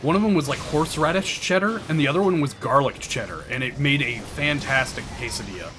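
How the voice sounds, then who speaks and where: A man with a mid-range voice and lively intonation speaks briskly as he streams a game. He chats casually, explains his tactics to viewers, and swears now and then. Game music and background noise can be heard.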